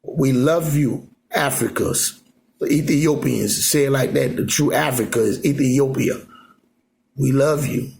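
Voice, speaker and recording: Talking at a measured pace, a man with a creaky, slightly mellow, medium-pitched voice rambles to his phone camera at his Alaska home. There's a little hiss or hum, and he keeps repeating "you know what I'm saying."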